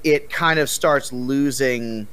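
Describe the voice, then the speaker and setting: A man's voice: medium pitch, takes it slowly, fairly bright tone, clear, resonant tone. A man co-hosting a casual gaming podcast, rambling with fillers and slipping into sarcastic put-on voices. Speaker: podcast co-host.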